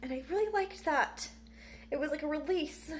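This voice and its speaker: A young woman talking in a halting, emotional way in a personal vlog, her voice close to tears. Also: high voice, slight background noise. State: tearful. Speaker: vlogger.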